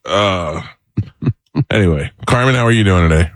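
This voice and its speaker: A middle-aged man hosting a show, telling a story in a casual, animated chat. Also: low-pitched, moderate pace, no echo, studio quality. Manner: animated storyteller, acts out voices in quotes. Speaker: radio show host.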